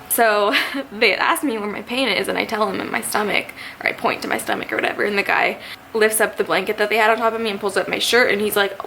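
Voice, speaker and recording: A young woman in her twenties chats to camera, animated and full of fillers as she tells her story. Her voice sits at a middling pitch for a woman. A faint hiss runs under the recording. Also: fast talker, gravelly. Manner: chatty, animated, lots of fillers. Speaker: vlogger.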